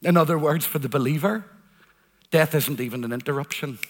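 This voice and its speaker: A man's voice: a little high, brisk. A man preaching a sermon, earnest and emphatic, repeating phrases for weight. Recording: long hall reverb.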